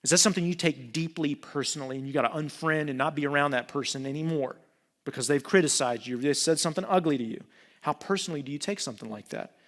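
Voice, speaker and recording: A man preaching a sermon as pastor, talking in a casual, animated way and joking with the congregation. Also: a little high, quick pace. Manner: conversational, animated, jokes with the congregation.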